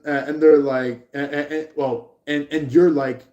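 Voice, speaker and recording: A man giving a live tarot reading, rambling and halting with many fillers. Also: mid-range voice, flat delivery, dark tone. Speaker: tarot reader. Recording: roomy echo.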